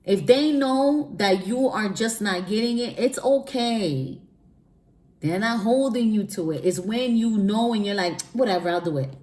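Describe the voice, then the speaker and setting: A woman's voice: a little high, lively intonation, a little slow, darkish tone. A woman giving a casual spiritual reading, rambling and chatty with frequent restarts and laughs. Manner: laughs often between phrases. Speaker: spiritual reader. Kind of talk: casual spiritual vlog talk.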